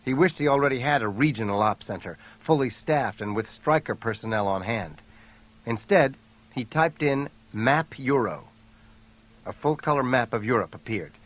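A man narrates a thriller audiobook at a mid-range pitch. His delivery is steady and even, with a clear storytelling rhythm. It stays measured through the action. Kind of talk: scripted narration.

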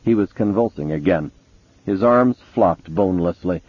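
A man narrates a novel in a low, husky voice, in a measured, dramatic way. His intonation rises and falls with lively shifts. The sound is dry and tinny, like a phone line. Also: dry recording. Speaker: audiobook narrator.

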